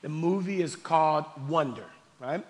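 A male pastor preaching a sermon, calling the congregation y'all and swinging between quiet questions and shouted declarations. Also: a little high, moderate pace. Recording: long hall reverb.

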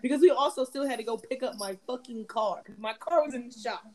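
Picture a young woman hosting a loose, foul-mouthed podcast. She tells a story in a bright, higher register and jumps way up in pitch whenever she acts out someone's lines. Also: fast, rough recording. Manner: animated, profane, acts out quotes with big pitch jumps. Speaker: podcast host. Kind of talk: casual storytelling chat.

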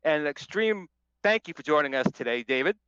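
Lively playful man co-hosting. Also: on the high side, brisk, smooth, muffled recording. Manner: playful, jokey. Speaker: co-host. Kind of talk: casual podcast chat.

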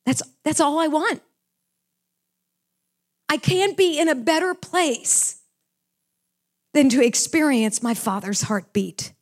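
High-voiced older woman preaching earnestly. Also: slow pace, long pauses. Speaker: Christian speaker. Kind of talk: sermon.

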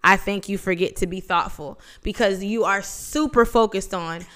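A woman's voice: mid-range voice, normal speed, a bit bright, smooth. A woman co-hosting a podcast, chatting casually with slangy, laid-back banter. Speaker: podcast co-host. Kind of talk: casual chat.

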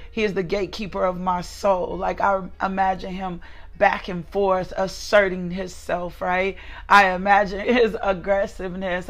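An emphatic woman leads a live prayer devotional. Her voice sits in a middle register as she repeats lines of praise and greets viewers by name. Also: medium pitch. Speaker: devotional host.

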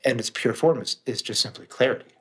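A man's voice: medium pitch, fast talker, a bit bright, a little hiss or hum. A middle-aged man, a guest author and meditation teacher, talking emphatically and plainly in casual conversation, sometimes swearing for emphasis.

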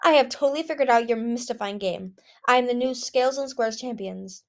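A cheerful, easygoing young male sea dragon in a read-aloud fantasy story, as a woman voices him. He chatters brightly, in a fairly high voice. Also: fairly quick, close to an everyday voice.

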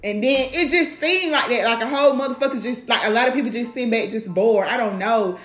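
A woman's voice: on the high side, quick pace, a bit bright, faint music behind. A woman giving a blunt, profane, outspoken monologue as a vlogger. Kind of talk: candid monologue. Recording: echoey room.

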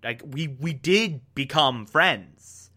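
A TV show reviewer with a fairly high, expressive, pushed and bright voice gives a passionate, casual recap of a TV episode. He takes it slowly and peppers his talk with lots of "like" fillers.

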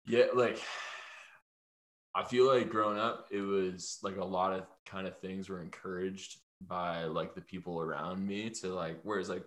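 A man's voice: deep voice, fairly even intonation, moderate pace. A young man chatting as a podcast guest over a video call, laid-back and rambling with lots of "like". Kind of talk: casual podcast chat.

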